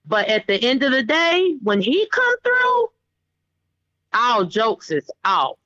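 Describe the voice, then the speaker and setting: Outspoken mother in her thirties, profane and animated; bright voice on a dull, lo-fi line. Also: fairly high pitch, slow pace, no room sound. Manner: blunt, profane, animated storytelling with voiced quotes. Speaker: interview guest, mother. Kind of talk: casual phone interview.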